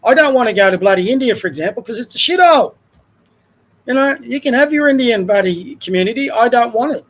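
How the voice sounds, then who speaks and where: A man's voice: extremely high pitch, lively intonation, quick pace. Fired-up Australian man ranting. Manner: rambling, heated, wanders off mid-sentence. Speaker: show host. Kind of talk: ranting commentary.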